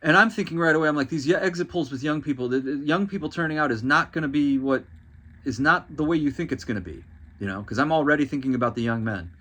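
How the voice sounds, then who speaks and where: A man's voice: a little high, fast, pushed and bright. A man hosting a podcast, delivering a solo commentary monologue in an exasperated, ranting and sarcastic way. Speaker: podcast host.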